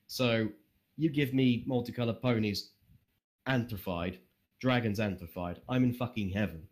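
A man's voice: fairly low pitch, normal speed, darkish tone. A young man chatting as a podcast guest, rambling and swearing freely, with self-deprecating jokes. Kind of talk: casual interview chat.

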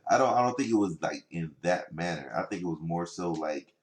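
A man chatting casually as a podcast co-host, telling stories in a laid-back, drawn-out way. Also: sits low, animated, roomy sound. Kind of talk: casual chat.

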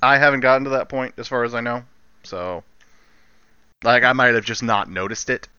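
A man's voice: medium pitch, fairly even intonation, moderate pace, sharp tone, smooth, no echo. A man co-hosting a casual podcast, talking in an easygoing, joking manner. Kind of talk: casual chat. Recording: dull lo-fi mic.

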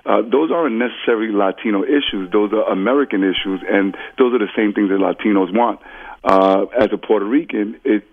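A man from the Bronx calls in as a guest and speaks earnestly, stopping and restarting with many fillers. His voice sits low and comes through a thin, phone-like line. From the Bronx, New York. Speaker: guest, borough official. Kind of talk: live call-in interview. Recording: phone-line call-in audio.

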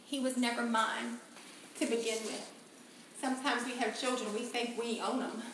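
Woman telling her story, soft and halting, keeps repeating words, slightly high voice, really echoey room w faint hiss. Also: flat delivery. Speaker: guest sharing her testimony. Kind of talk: emotional personal testimony.

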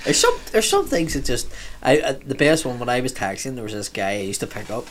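A man's voice: medium pitch, fast talker, slight background noise. A man telling a rowdy anecdote in casual chat, swearing often and acting out other people's voices. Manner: sweary, animated, acts out voices. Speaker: storyteller.

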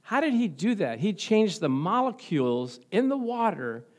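A high-pitched man delivers a sermon to his congregation, quizzing them and laughing often. He drops to quiet, confiding asides, then surges into loud, fervent emphasis. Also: sing-song, normal speed. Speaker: pastor.

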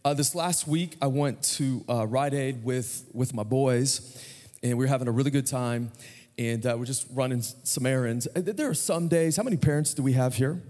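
A pastor in his thirties with an American accent preaches a conversational sermon, telling a family story and asking the congregation questions. His mid-range voice is warm and moves at a moderate pace, with a long church-hall reverb from the sanctuary.

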